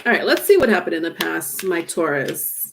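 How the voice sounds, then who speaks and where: A woman's voice: lowish voice, very animated, a little fast, creaky. A woman giving a casual live tarot reading, talking chattily and teasing her viewers, breaking into laughter often. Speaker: tarot reader.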